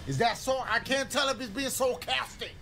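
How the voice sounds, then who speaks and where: A man playing a horror game and commenting loudly and profanely in casual let's-play style. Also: extremely high pitch, normal speed, faint music behind. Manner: loud, profane, animated.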